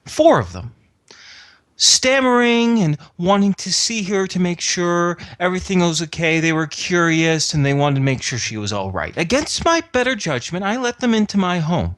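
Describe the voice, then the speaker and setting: A man's voice: mid-range voice, lively intonation, measured pace, fairly bright tone. Game NPC: guarded woman caretaker, voiced by a man, hesitant and defensive, plain mid voice. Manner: defensive, hesitant, restarts sentences.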